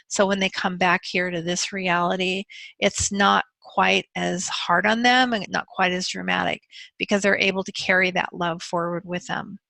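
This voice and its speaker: A woman who works as a soul regression practitioner, talking earnestly and gently to her viewers with frequent fillers. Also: mid-range voice, gravelly, no echo. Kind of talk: casual talk to camera.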